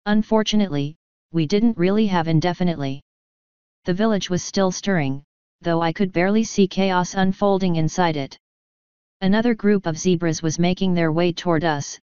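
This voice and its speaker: A woman's voice: fairly low pitch, moderate pace, darkish tone, smooth, no echo. A woman steadily reading a first-person fan story aloud. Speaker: fanfiction reader. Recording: slightly muffled recording.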